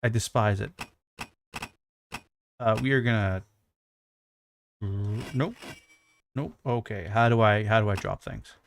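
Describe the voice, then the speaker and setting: A man's voice: fairly low pitch, slow pace, pauses often, slight background noise. A man streaming a video game, chatting casually with heavy swearing, ranting and mocking himself. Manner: profane, ranting, self-mocking. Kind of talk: casual gaming stream chat.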